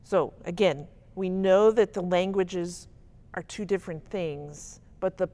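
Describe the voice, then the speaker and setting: Low-voiced woman teaching Bible study. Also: unhurried, mellow. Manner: conversational and emphatic, often checking in with listeners. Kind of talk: casual teaching talk.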